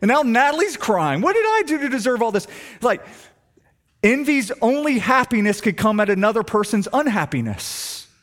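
A middle-aged man, preaching a sermon and telling stories, swinging between hushed and emphatic delivery. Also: high voice. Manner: animated storytelling, shifts between hushed and emphatic. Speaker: pastor.

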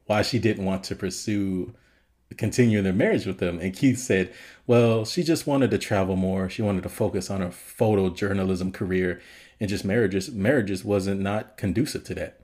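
Male podcast co-host, lower register, easygoing scene-by-scene recap. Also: moderate pace, darkish tone. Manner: retells scenes with frequent laughter. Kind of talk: casual film review chat.

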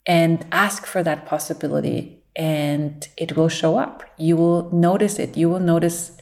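A woman's voice: deep voice, unhurried. Playful woman giving a motivational talk. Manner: playful and expressive, laughs often; encouraging, speaks in loose flowing phrases. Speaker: psychologist and speaker.

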